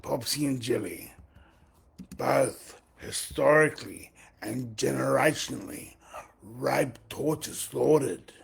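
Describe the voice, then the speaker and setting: A man, his voice rough with a gravelly fry and a husky, raspy edge. He rambles on a live stream and keeps repeating himself, going back over the same phrases. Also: mid-range voice. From Australia. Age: 40s. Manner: repetitive, circling back on his own phrases. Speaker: livestream host.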